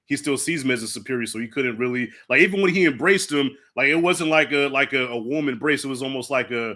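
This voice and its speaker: A man hosting a casual movie review, animated and profane, acting out lines from the film. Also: medium pitch, quick pace. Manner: animated, swears freely, acts out lines from the film. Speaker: channel host.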